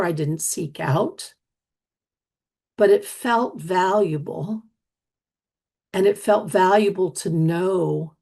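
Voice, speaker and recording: Brief: middle-aged woman host, unhurried earnest storyteller, low dark voice. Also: gravelly. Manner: slow, earnest, with frequent restarts and soft repetitions. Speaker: podcast host and speaker on energy medicine. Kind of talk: reflective storytelling talk.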